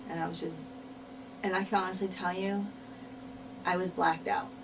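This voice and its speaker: A woman's voice: fairly low pitch, little pitch movement, normal speed, gravelly. Frank woman recounting, slightly distant mic. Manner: frank, repeats words for emphasis. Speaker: interviewee, former wrestler. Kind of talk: candid shoot interview storytelling. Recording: mic at a distance, faint noise.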